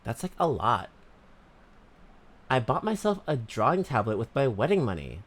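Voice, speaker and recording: A man's voice: mid-range voice, very animated, normal speed, pauses often. A male streamer chatting casually while putting on a Valley Girl voice full of "like" and "totally". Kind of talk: casual live-stream chat.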